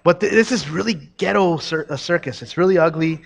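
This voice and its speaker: A young man delivers a lively sermon in a slightly raised voice. He tells stories from his childhood in Mexico, stumbles and restarts, and turns to the people in the pews with asides. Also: on the high side, fairly quick, vocal fry. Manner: energetic, storytelling, with many restarts and asides to the congregation. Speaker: preacher.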